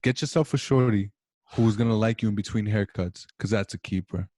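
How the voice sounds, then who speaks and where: A man's voice: lowish voice, brisk, warm tone, no room sound. Young male podcast host, dry close sound, passionate rambling rant on a video call. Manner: impassioned, rambling monologue, swearing. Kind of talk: casual chat over video call.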